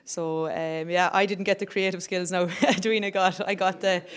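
Irish woman, footballer guest, smooth clear voice, modest, laughing. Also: on the low side, fairly even intonation, moderate pace. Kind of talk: radio interview.

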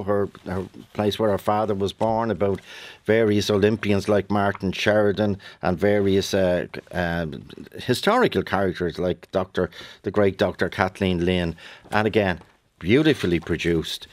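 A man with a Dublin accent hosting a radio talk show, enthusiastic and quick to heap praise on his guest. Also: fairly low pitch, fairly even intonation. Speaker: radio phone-in host.

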